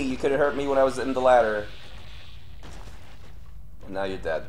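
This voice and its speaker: A young man streaming live gameplay and commenting as he plays. He swears often and swings between low grumbling and sudden yelling. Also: moderate pace, pauses often, slight background noise. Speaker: streamer playing a horror game.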